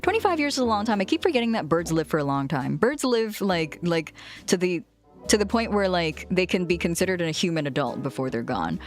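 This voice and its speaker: Young female streamer, lively up-and-down voice, chatty with viewers, soft music under her. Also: fairly quick. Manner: chatty, reads chat aloud, animated swings in pitch. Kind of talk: casual chat with viewers.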